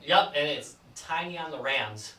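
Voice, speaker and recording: A man hosting a casual podcast from a basement studio, playful and energetic. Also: fairly high pitch, measured pace, slight background noise. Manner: energetic, playful show-opener. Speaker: podcast host. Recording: roomy, distant mic with music.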